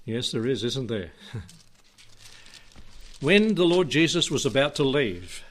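A man pastor preaching a sermon, chatty and questioning, reading scripture slowly with emphasis and laughing now and then. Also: mid-range voice, sing-song, a bit bright, slight background noise. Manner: conversational preaching, asks the congregation questions, chuckles often.

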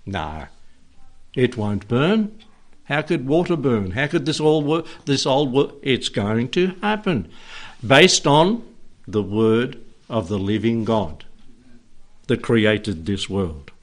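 A man preaching a sermon and leading a prayer in a church, earnest and emphatic, with long pauses. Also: mid-range voice, animated.

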